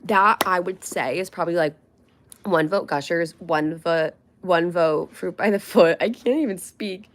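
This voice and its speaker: A young woman hosts a casual livestream, speaking in a lowish voice a little slowly. She chats in a rambling way, with frequent fillers and laughs.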